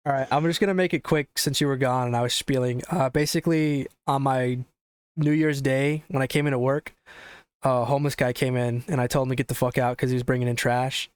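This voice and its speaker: A young man hosts a casual podcast, spinning a rambling, swear-filled story with lots of restarts. His voice is smooth and resonant at a middle pitch. The sound is dry and close, with no room echo. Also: brisk. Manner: profane, animated, rambling with restarts. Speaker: podcast host.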